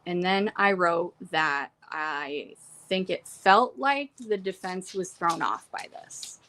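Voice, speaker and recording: A young woman talks through her courtroom notes in a relaxed, chatty way. She reads out quotes from the hearing and drops in quick asides of her own, speaking from a room at home. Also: fairly low pitch. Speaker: trial reporter. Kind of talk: casual trial recap from notes.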